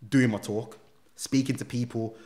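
A man's voice: mid-range voice, steady tone, normal speed, darkish tone. A young man, a former gang member, telling his life story in a casual interview, full of slang and acted-out quotes. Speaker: guest, former gang member turned motivational speaker.

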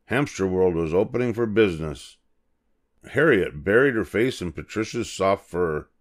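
An older grandfatherly man reads a children's picture book aloud. His voice is very low, and his delivery is measured and gentle. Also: lively intonation. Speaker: storyteller.

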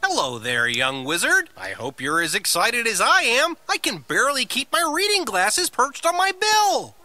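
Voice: medium pitch, wildly swooping pitch, normal speed, pushed and bright, faint music behind, full character voice. An actor voicing an elderly, scholarly bird professor in a video game, talking in an eager and formal way. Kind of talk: video game character dialogue.

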